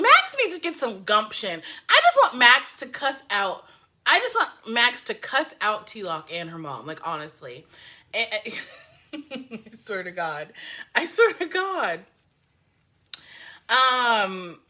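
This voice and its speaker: Animated woman ranting in a bright voice. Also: a little high. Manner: animated, profane, rambling rants. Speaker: TV show reviewer. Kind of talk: casual reaction review.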